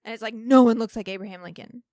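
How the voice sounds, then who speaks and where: A woman co-hosting a podcast in casual chat, animated and teasing as she tells her story. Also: fairly high pitch, fast, dry recording, clean studio sound. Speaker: podcast co-host.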